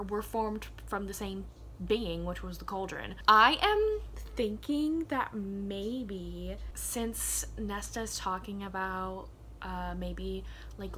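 A woman's voice: mid-range voice, slight background noise. A young woman with a Southern US accent, chatting casually in a book vlog, gushing with lots of laughs and "like". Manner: excited gushing with frequent laughs and "like". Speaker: book vlogger.

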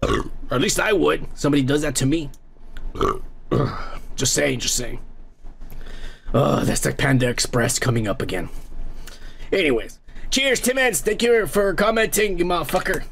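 Man, podcast host, high voice, gravelly, swinging pitch, profane rambling comedy. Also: very animated, normal speed, long pauses, a little hiss or hum. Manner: profane, rambling, loud mocking asides. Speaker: podcast host reading comments. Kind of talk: crude comedic commentary.

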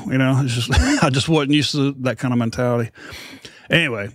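A man's voice: mid-range voice, a little fast. A middle-aged American man, a podcast host being interviewed, telling a rambling, self-deprecating story and acting out the voices of others. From United States.

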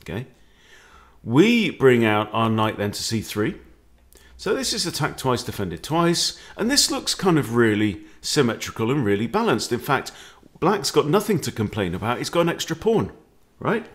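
A man coaching chess in a jokey, theatrical way. His voice sits at an ordinary pitch but swings up and down a lot as he plays up the moves. He keeps the tone of a friendly lesson. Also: moderate pace. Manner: playful, animated, jokey with exclamations.

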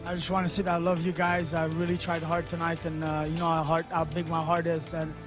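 A male boxer says goodbye to his fans, emotional and halting. His voice is high and fairly even, and faint music plays behind him. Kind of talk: retirement speech to fans.

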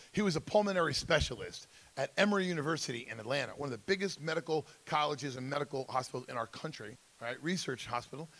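A man's voice: fairly high pitch, a bit bright. A man speaking at a school assembly about vaping, telling stories, acting out other people's voices and speaking straight to the students. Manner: storytelling, acts out other voices, talks to the crowd directly. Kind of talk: animated assembly talk to students. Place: school auditorium or gym.

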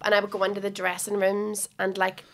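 A young woman with a Northern Irish accent, hosting a podcast. She tells jokey stories in a lively, animated way, chatting casually with her guests. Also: mid-range voice, brisk. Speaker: podcast host. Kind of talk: casual chat.

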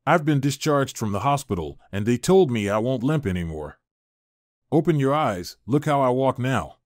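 A man's voice: mid-range voice, lively intonation, moderate pace, no echo, natural voice. A timid little boy of six, eagerly pleading with his silent father, as a male narrator reads him in his own voice. The sound is dry and close. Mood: hopeful.

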